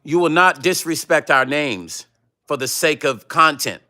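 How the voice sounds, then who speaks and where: A man's voice: fairly high pitch, animated, unhurried, sharp tone. A man hosting his own livestream, ranting confrontationally and profanely at a rival, reading chat comments aloud. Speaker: vlog host reading live chat. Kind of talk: heated livestream rant.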